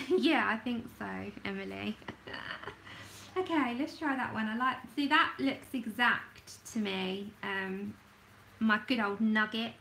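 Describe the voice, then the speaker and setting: A woman talks slowly and casually on her livestream, mumbling to herself as she works and laughing at herself. Her voice is bright and gravelly, a little high. A faint hiss sits under her voice. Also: poor audio. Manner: chatty, self-laughing, talks to herself while working. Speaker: livestream host swatching colour pencils.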